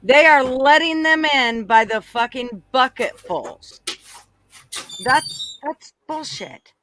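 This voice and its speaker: A woman's voice: high-pitched, lively intonation, slow, bright, forceful tone. A woman in casual chat on a podcast, blunt and heavy with profanity.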